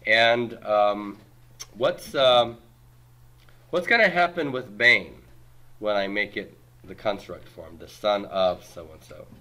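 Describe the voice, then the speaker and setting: A man's voice: fairly low pitch, slow, pushed and bright. A man teaching a Hebrew grammar class, explaining patiently and quizzing his students with questions and homely comparisons.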